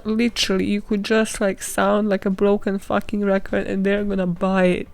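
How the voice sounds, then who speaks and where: A woman's voice: medium pitch, flat delivery, fairly quick, gravelly, few pauses, a little mellow, dry recording. A young woman hosting a podcast, ranting bluntly and casually with lots of swearing. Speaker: podcast host. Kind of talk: casual monologue outro.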